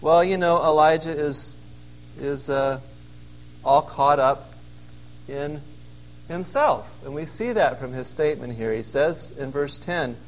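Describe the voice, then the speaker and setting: A man delivers a sermon in an earnest, conversational way, leaning into emphasis whenever he quotes. His voice sits a little higher than most men's. He is speaking from inside a cave out in the wilderness. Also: unhurried, pauses often, low-quality recording. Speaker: pastor.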